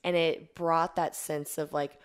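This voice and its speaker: A young woman who competes as an athlete tells stories as a podcast guest, chatting casually and saying "like" a lot. She's animated, acting out her own past lines, with a low, smooth voice and a slightly slow pace.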